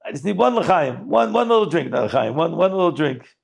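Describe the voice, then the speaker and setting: A man's voice: a little high, big pitch swings, a little fast, gravelly, husky, voice pushed up, exaggerated voice. A man voicing a demanding male governor who keeps asking for a drink, raised and insistent, within a story told in a talk. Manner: pleading, repeating himself. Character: demanding male local governor craving vodka.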